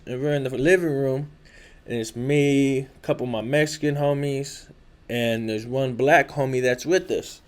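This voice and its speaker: A man with a Californian accent telling a casual personal story in slangy, profane speech full of filler tags. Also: a little high. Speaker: show host telling a story.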